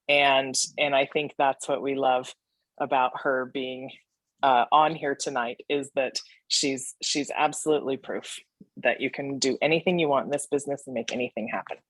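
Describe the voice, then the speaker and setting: A woman with a very low voice gives encouraging closing remarks as co-host on a video call. The sound is dry and close, and she speaks with emphatic, motivating warmth. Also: no echo. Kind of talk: casual motivational talk.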